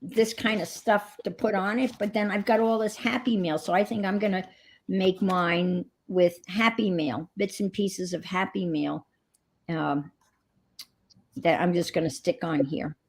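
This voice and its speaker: A woman's voice: on the low side, steady tone, a little slow, breathy edge. A woman hosting a crafting livestream, chatting casually in a rambling way. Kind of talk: casual chat. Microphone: computer mic on a livestream.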